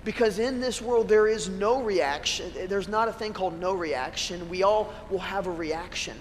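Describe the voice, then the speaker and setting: A man's voice: sits high, normal speed, hardly any pauses. A man pastor giving a sermon, talking conversationally and telling stories with self-deprecating humor. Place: church sanctuary. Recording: long church-hall reverb with faint room noise.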